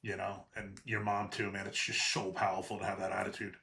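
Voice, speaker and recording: Host, ex-cop, bright forceful voice, lowish, swears freely in anecdotes. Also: male voice, little pitch movement, brisk, gravelly, a little hiss or hum. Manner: blunt, profane storyteller. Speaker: podcast host, retired police officer. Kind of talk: conversational interview.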